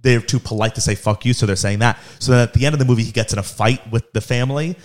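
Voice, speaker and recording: A man in an easygoing podcast chat, with a voice of ordinary middle pitch. He jokes with his co-host and laughs a lot as he talks. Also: quick pace. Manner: laughs often, loose and teasing. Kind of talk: casual chat.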